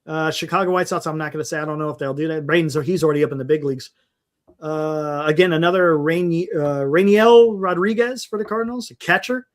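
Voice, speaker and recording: This is a man with a fairly high voice, hosting a casual sports talk livestream. He rambles and thinks out loud, trailing off and restarting as he reads names off a list. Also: a little fast. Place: home livestream setup. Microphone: desktop mic on a live stream.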